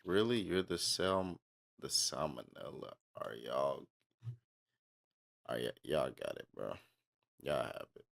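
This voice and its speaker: A man's voice: very deep voice, lively intonation, slow, gravelly, long pauses. A man playing a video game and commenting in a laid-back, slangy, joking way, reading the game's lines aloud and sounding tired late at night. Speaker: gaming channel host.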